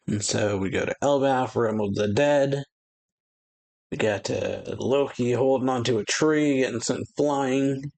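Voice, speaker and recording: A man's voice: medium pitch, measured pace, vocal fry, darkish tone. A man casually recapping a manga chapter as a reaction YouTuber, loose and chuckly. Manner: laughing often, loose recap.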